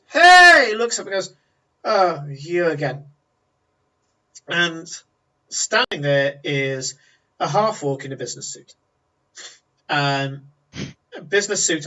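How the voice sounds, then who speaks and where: A man's voice: fairly high pitch, pushed and bright. A man narrating as game master, describing scenes at length with many ums and uhs. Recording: distant lo-fi mic.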